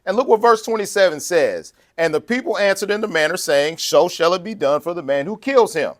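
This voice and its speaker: A man preaching with a slightly raised pitch, keeping things conversational and animated. He acts out quotes between points and laughs easily while he talks. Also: brisk. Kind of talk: sermon.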